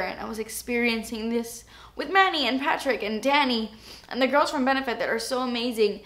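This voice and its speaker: A woman's voice: on the high side, a little fast, a bit bright. A young woman vlogger talking candidly and emotionally to camera in a casual confessional chat. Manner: emotional, candid, near tears at times. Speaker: beauty vlogger.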